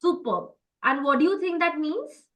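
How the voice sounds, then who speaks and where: A woman's voice: high-pitched, lively intonation, normal speed, fairly bright tone, poor audio. A woman teaching French in an online class, explaining step by step with many fillers and lots of encouragement.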